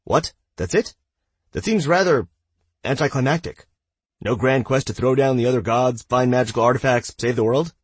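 A man's voice: low voice, no room sound. A man doing a nervous, eager young gamer. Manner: babbling, rushed, hesitant.

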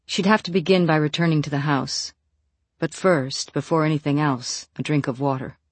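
An audiobook narrator reading a novel in an even, measured voice. The mic is close and the sound is dry, with no room around it. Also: medium pitch, dry recording.

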